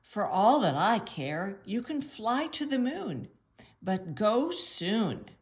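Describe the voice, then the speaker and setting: A woman's voice: mid-range voice, sing-song, slow, pitched above the performer's own voice. A woman voicing a grumpy dog who guards his doghouse, in a bossy, rhyming storybook line.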